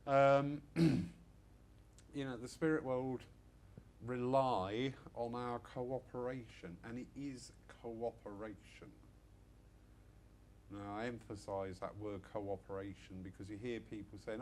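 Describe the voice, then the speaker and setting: A man's voice: mid-range voice, fairly even intonation, takes it slowly, darkish tone, slight background noise. A middle-aged man giving an informal church talk to a small audience, chatty with self-mocking asides. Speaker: church speaker.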